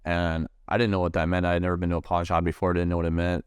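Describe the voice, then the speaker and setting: A man with a very deep, smooth voice tells his own story in a sit-down interview. He talks in a halting way, full of fillers and restarts, and swears freely. He is recorded close in a dry space. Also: monotone, dry recording. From Nebraska, USA. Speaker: Marine veteran guest.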